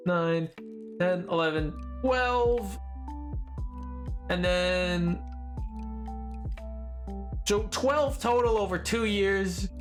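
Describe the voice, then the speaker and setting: A game streamer from Britain talks in a loose, rambling way, cutting themselves off and circling back. The pitch swings widely up and down from one phrase to the next. Clear music plays under the voice through the stream mix. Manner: rambling, playful, self-interrupting. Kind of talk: casual live-stream chat. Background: background music from the stream.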